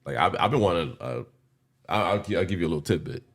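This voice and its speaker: A man's voice: deep voice, expressive, fast talker. A man in his forties co-hosting a podcast, talking candidly and rambling with slang and the odd curse. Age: 40s. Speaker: podcast co-host. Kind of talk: casual chat.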